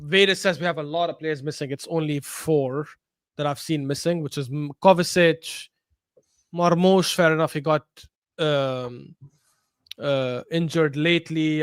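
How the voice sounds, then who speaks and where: A man's voice: on the high side, clear, resonant tone, no echo, studio quality. A young man co-hosting a casual football podcast, blunt and opinionated, teasing the others. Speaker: podcast co-host.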